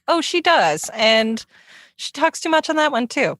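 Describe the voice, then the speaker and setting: A woman's voice: high voice, big pitch swings, unhurried, a bit bright, no echo, studio quality. A woman chatting casually as a podcast guest, giggly and self-mocking. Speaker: guest cohost.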